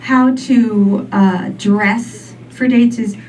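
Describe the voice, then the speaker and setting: A woman in her forties doing a stand-up comedy set, rambling and deadpan, full of "um" and "like". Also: medium pitch, very slow. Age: 40s. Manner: rambling, filler-heavy, deadpan. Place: comedy club stage. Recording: distant mic with faint room noise.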